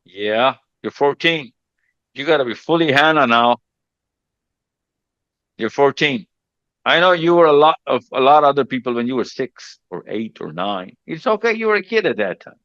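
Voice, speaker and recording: A man's voice: mid-range voice, expressive, moderate pace, fairly bright tone, no room sound, dull audio. A man hosting a casual group chat with teenagers, teasing and reassuring them and often repeating himself. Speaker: mentor hosting a session with teenagers.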